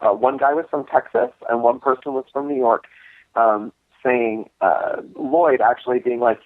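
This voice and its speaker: A man's voice: medium pitch, moderate pace, dry recording. Rambling man on a tinny line. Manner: rambling, many restarts and fillers. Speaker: co-host of a cult film screening series. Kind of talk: casual interview storytelling.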